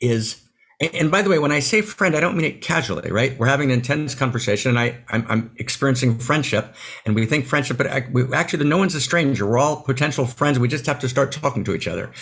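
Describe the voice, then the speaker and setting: He's an author guest on a video call, speaking fast in a mid-range voice with lively intonation, vocal fry, a bit of brightness and slight roughness. His delivery is emphatic and emotional, sometimes almost tearful, with "right?" tacked onto many phrases.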